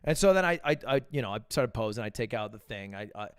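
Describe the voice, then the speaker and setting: A man's voice: mid-range voice, animated, quick pace, clear, resonant tone, dry recording, clean studio sound. A man streaming live, answering viewer questions in loose, profane chat full of stammered restarts.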